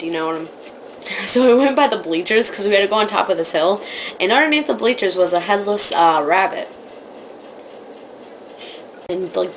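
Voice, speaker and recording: A woman's voice: a little hiss or hum, rough recording. Gushing young woman vlogger. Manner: gushing, excitable, acts out quoted voices in high squeals. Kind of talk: casual vlog storytelling.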